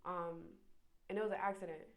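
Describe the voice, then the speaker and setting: A young woman with a lowish voice talks openly and with feeling in a relaxed interview. She drifts into little acted-out quotes as she makes her point. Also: fairly quick. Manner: candid, animated, acts out quoted voices. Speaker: guest. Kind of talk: casual conversation.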